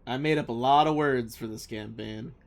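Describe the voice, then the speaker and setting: A man's voice: medium pitch, normal speed. A young man narrating a tabletop game as game master, improvising with lots of fillers. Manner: loose, filler-heavy improvising.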